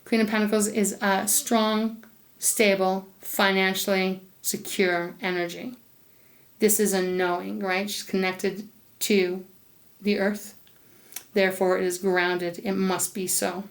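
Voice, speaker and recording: A woman's voice: medium pitch, level tone, takes it slowly. Enthusiastic woman doing a tarot reading. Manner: chatty and enthusiastic, talks to spirit aloud, laughs often. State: occasional coughing. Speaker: tarot reader. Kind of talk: casual tarot card reading to camera.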